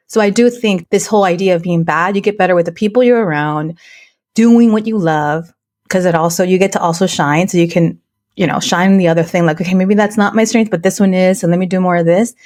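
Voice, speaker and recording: A woman's voice: fairly low pitch, fast talker, darkish tone. A woman co-hosting a podcast, chatting casually and telling stories animatedly, with Spanish words dropped in. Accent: Latina American English with Spanish words. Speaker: podcast co-host.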